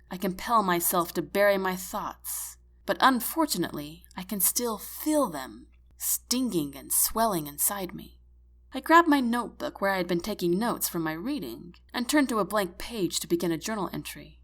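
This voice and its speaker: Expressive woman narrating a first-person audiobook. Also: mid-range voice. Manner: expressive, emotional storytelling.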